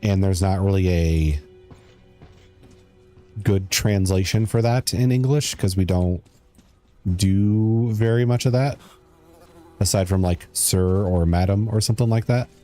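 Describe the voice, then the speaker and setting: Low, slow, mellow-voiced male streamer. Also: soft background music. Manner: chatty, reads chat aloud, mutters while playing. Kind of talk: casual gameplay commentary.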